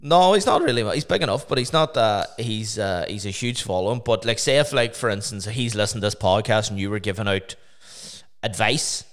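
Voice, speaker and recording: A man's voice: fairly low pitch, lively intonation, fairly quick. A man co-hosting a podcast in casual chat, talking loosely with lots of swearing and "like". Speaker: podcast co-host.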